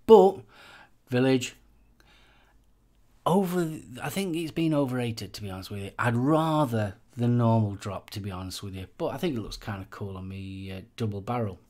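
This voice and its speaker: A man's voice: mid-range voice, normal speed, mellow. A man from England, hosting a live stream in a chatty, rambling way with lots of fillers. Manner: chatty, rambling, with many fillers and repeated phrases. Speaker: host of a live vaping channel show. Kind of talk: casual live-stream chat.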